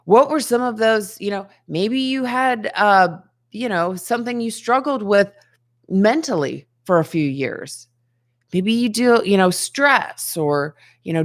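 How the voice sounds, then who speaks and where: A woman hosting a daily self-help show, talking earnestly to the camera, asking rhetorical questions and laughing between points. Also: medium pitch. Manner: earnest, conversational, asks many rhetorical questions. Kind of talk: motivational talk to camera.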